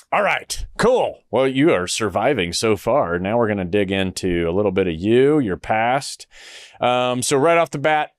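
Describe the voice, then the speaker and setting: A man with a fairly low voice, recorded dry with no room sound. He hosts a podcast and asks his guest loose, casual questions. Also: no room sound. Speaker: podcast host. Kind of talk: casual interview.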